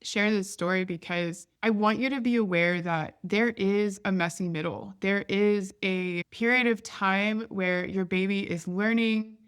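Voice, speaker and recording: A woman's voice: mid-range voice, fairly even intonation, unhurried, hardly any pauses, clean tone. A woman in her thirties hosting a podcast, telling a candid, down-to-earth story in a casual, chatty way. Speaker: podcast host. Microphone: podcast microphone.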